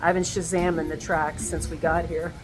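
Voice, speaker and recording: A woman's voice: sits low, level tone, moderate pace, low-quality recording. A woman vlogging cheerfully as she tastes food, talking straight to her viewers. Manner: cheerful, chatty, talks to the viewers. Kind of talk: casual vlog tasting food on camera. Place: restaurant. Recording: restaurant with music playing.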